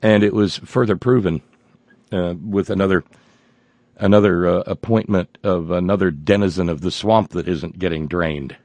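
A man's voice: sits low, steady tone, normal speed, a little mellow, dry recording. A man hosting a political talk show, ranting sarcastically with many stumbling restarts.

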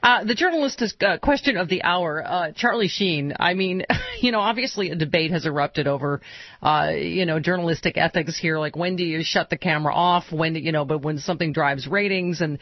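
High-voiced radio host. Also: male voice, fairly quick, dry recording. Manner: casual, chuckling banter. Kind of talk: radio talk show conversation. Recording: dull, dry radio audio.

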